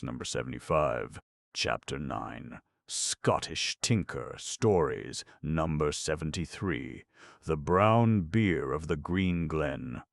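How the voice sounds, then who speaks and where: A man reading folk tales and scholarly notes for an audiobook, steady and plain. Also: a bass voice, gravelly, dry recording, clean studio sound. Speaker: audiobook narrator.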